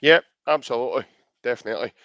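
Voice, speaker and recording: A man's voice: medium pitch, expressive, fast, bright, forceful tone, dry recording, highs cut off. A young man with a Scottish accent co-hosting a live podcast, joking around and reading out viewer comments in a casual chat. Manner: jokey, chatty, reads out viewer comments. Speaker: podcast co-host.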